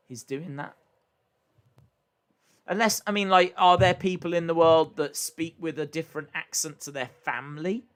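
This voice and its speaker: A young man hosting a casual live reaction stream, chatting and thinking aloud with frequent fillers. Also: medium pitch.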